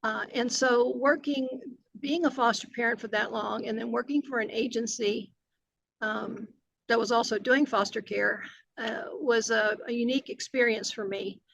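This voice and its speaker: A woman's voice: fairly high pitch, steady tone, moderate pace, vocal fry, a bit bright, no echo, muffled recording. An older woman, a retired agency director answering interview questions earnestly, with many fillers and restarts.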